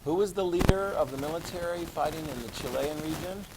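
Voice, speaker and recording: A man teaching a history class, animated, asking his students questions and answering them himself. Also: fairly high pitch, brisk, very noisy. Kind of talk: classroom lecture.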